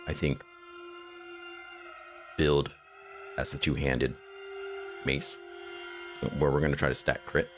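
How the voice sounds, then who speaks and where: A man with an extremely deep voice and a gravelly rasp talks casually while he plays a game, drifting between musings and notes on his build. Steady game music plays clearly behind him. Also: slow pace, pauses often. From United States. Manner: rambling, musing aloud between game remarks. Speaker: gaming streamer. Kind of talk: casual gameplay chat with viewers.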